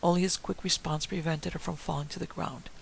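A man narrating a novel as an audiobook in a measured storytelling manner. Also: on the high side, fairly even intonation, vocal fry, a bit bright, slight background noise, rough recording. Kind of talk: scripted narration.

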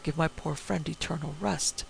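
A man's voice: a little high, steady tone, moderate pace, creaky, low-quality recording. A man voicing a stern, dispassionate older male professor who hunts vampires, in a story reading. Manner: cold, dispassionate. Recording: faint hiss.

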